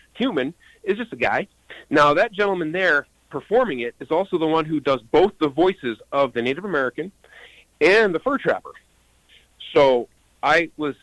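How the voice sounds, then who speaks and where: A man's voice: fairly high pitch, a bit bright, no echo, rough recording. Eager male puppeteer, dry sound. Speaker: puppeteer guest. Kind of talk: interview answers.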